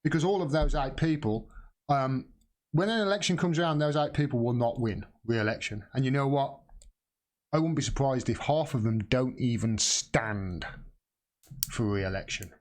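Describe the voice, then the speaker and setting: A man's voice: medium pitch, normal speed. A middle-aged man hosting a live political commentary stream, rambling with many restarts and blunt swearing.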